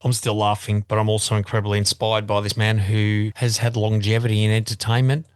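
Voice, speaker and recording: A man's voice: lowish voice, level tone, fairly quick, clean tone, no echo, studio quality. A man hosting a podcast in casual interview chat, friendly and enthusiastic, calling his guest mate. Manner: friendly, warm words, says mate. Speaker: podcast host.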